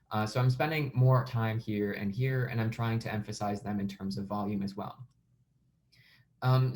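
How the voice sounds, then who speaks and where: A man coaching students through a sample speech, explaining things in a relaxed, conversational way with frequent filler words. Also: lowish voice. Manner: relaxed, conversational, uses "like" and "um" often. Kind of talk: instructional walkthrough of a sample speech.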